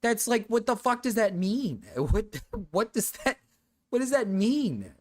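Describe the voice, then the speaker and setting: A woman's voice: a little high, very animated, a little slow. A woman streamer giving casual reaction commentary, rambling and profane, laughing often.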